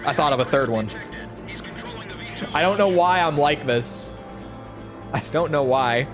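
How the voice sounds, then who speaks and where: Gaming streamer, man, slightly high voice, unhurried rambling chatter, cusses, game music behind. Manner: rambling, swears freely, talks to chat. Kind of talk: casual chat while livestreaming a flight game. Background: game music and jet engine sounds.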